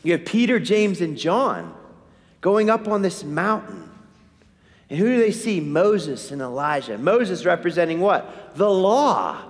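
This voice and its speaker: A man's voice: sits high, a little slow. A man preaching a sermon in a church, asking his listeners questions and answering them himself. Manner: animated, asks the congregation questions. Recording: hall reverb.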